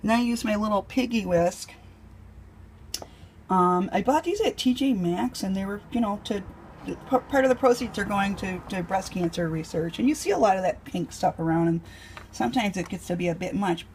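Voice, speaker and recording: A woman's voice: medium pitch, a little mellow, slight background noise. A woman chatting casually while cooking in her home kitchen, rambling with lots of ums. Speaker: home cook vlogger.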